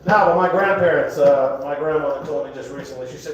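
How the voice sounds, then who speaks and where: A man in his fifties doing a rambling stand-up set in a comedy club, now and then shouting a punchline. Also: fairly high pitch, fast talker. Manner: rambling, jokey, breaks into shouted bits. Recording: echoey club recorded from far off. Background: laughing crowd.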